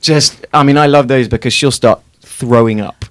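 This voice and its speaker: A man in his thirties from England, with an English accent drifted toward American, telling stories as a guest in a radio studio. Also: mid-range voice. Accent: English mixed with American. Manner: lively storyteller, quick animated talk. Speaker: TV show host, guest. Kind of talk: radio interview. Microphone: studio microphone.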